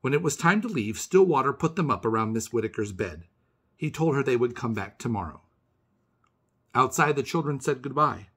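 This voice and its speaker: Storybook reader, male, animated pitch, slightly husky, expressive. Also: moderate pace. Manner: expressive, pointing out the pictures. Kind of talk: children's read-aloud narration.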